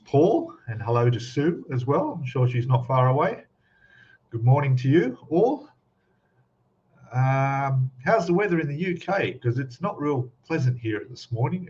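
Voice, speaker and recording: A man's voice: mid-range voice, darkish tone. A man hosting a casual live stream, chatting and greeting viewers one by one by name. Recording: slightly dull lo-fi sound.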